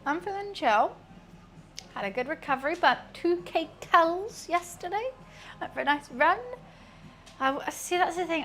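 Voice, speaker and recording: A woman's voice: high-pitched, fairly bright tone. A young British woman streaming, chatting casually and rambling while she cooks, laughing often. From United Kingdom.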